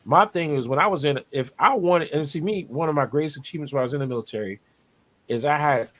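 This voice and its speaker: A man's voice: a little high, fast talker, a bit bright. A man, talking on a video call as a podcast co-host, preachy and motivational, repeating his points. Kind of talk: casual panel talk over video call.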